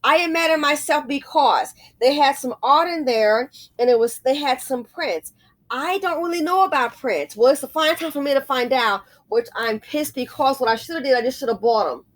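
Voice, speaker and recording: A woman vlogger telling a rambling, excitable story in a casual monologue, full of exclamations. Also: high voice, normal speed.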